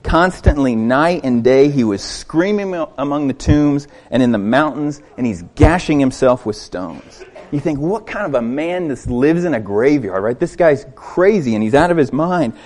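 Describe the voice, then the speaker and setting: A man preaching a sermon, retelling a story with lively rhetorical questions and frequent restarts. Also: mid-range voice, moderate pace, hardly any pauses. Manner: animated storytelling with rhetorical questions and repeated words. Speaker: pastor.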